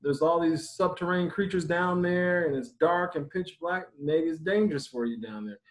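A man in a casual group chat, relaxed and thinking out loud. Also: a little high, normal speed.

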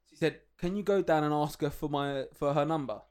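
A man's voice: a little high, brisk, background noise. A man co-hosting a podcast in casual chat, who swears freely, acts out what people said and laughs a lot. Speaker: podcast co-host.

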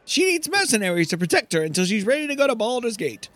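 An earnest young servant who talks fast and eagerly, as a man puts him on while playing. His voice is raised high above the player's own and bounces with lively pitch. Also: dry recording, heavily acted. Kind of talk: reading game dialogue aloud.

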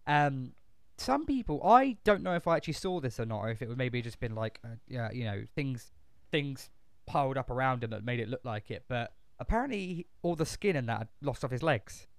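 A man's voice: mid-range voice, lively intonation, brisk, dry recording, clean studio sound. A man chatting casually as a podcast co-host, rambling with lots of swearing, fillers and restarts. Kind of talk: casual chat.

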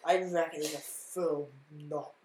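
A young man chats keenly as a podcast guest, his voice sitting a little high. He often repeats words as he talks. The room around him sounds echoey. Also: fairly even intonation, a little slow, a crowd in the background. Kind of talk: casual chat.

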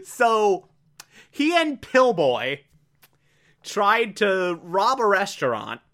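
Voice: mid-range voice, big pitch swings, drawn-out words, fairly bright tone. A person casually recapping a show, gushing and breaking into laughter between sentences. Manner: amused, gushing.

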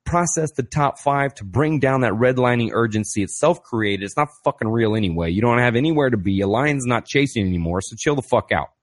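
A man's voice: mid-range voice, lively intonation, a little fast, hardly any pauses. A man hosting a podcast, talking through self-help advice in a blunt, casual way, swearing freely and asking rhetorical questions. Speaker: podcast host and author.

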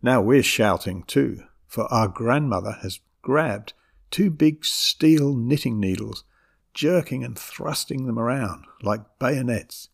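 A middle-aged man narrates a family memoir with a gravelly edge to his voice. His pitch sits in a middle range, and his delivery is measured and dramatic.

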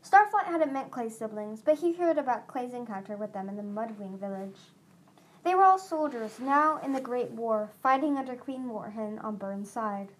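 Woman reading a dragon storybook out loud, kinda high voice, steady, trips over words now and then. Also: normal speed. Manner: steady reading with small slips and restarts. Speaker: audiobook reader. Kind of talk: storybook narration.

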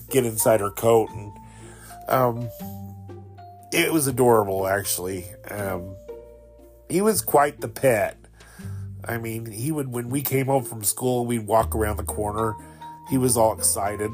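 A man in his fifties, a podcast host, telling rambling, sentimental stories about a childhood pet. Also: lowish voice. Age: 50s. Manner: rambling, sentimental, with fillers and laughs. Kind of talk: casual storytelling monologue.

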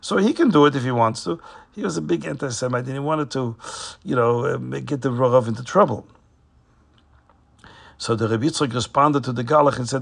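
A man retelling a story casually, with a raspy voice and frequent fillers. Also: mid-range voice, fairly quick.

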